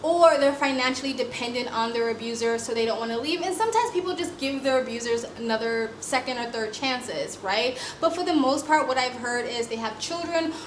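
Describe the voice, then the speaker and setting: A woman's voice: on the high side, a little fast, few pauses, roomy sound, slight background noise. A woman hosting a reaction video, giving blunt, sarcastic commentary and swearing freely. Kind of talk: casual commentary.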